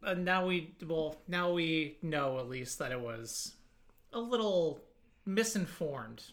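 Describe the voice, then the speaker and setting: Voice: mid-range voice, animated, slow. A podcast co-host in casual chat, gushing and profane, stumbling over words.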